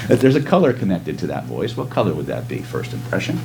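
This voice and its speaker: A deep-voiced man runs a seminar, bouncing up and down in pitch as he jokes with the group. He then slows into a calm guided hypnosis. A faint hum sits under the recording. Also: creaky. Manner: animated and joking with the audience, shifting into slow soothing guided trance. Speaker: hypnosis and NLP trainer. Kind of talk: live workshop teaching and guided hypnosis. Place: seminar room with a live audience.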